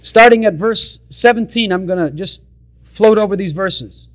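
A high-voiced man preaching a sermon. He is emphatic and direct with his congregation and hammers his points home through repetition. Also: moderate pace, fairly bright tone.

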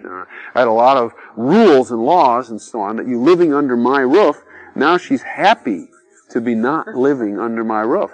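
A middle-aged man gives an informal sermon, talking to the listeners like a friend. His pitch swings widely and freely, and he keeps dropping in little acted-out voices between easy asides. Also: expressive, moderate pace, dry recording, poor audio. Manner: conversational, peppered with "you know", acts out quoted voices.

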